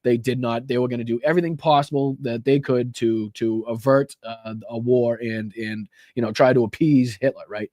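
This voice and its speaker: Brief: male political streamer, profane, emphatic, mid pitch, dry close mic. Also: steady tone, moderate pace, few pauses, warm tone, no echo. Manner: heavy swearing, emphatic, repeats 'right?'. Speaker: political live-stream commentator. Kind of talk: live-stream rant.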